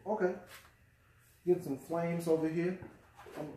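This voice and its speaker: Excitable man reacting in a roomy space. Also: on the high side, far from the mic. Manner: excitable, exclamatory, drawn-out reactions. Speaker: music reaction vlogger. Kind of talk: casual reaction commentary. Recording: roomy, off-mic, music underneath. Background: album playing.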